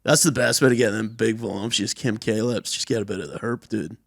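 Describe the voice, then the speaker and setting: A young man, co-hosting a podcast in crude, animated casual chat. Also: on the low side, fairly quick, vocal fry, dry recording, studio quality. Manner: crude, animated, slips into mocking voices. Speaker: podcast co-host.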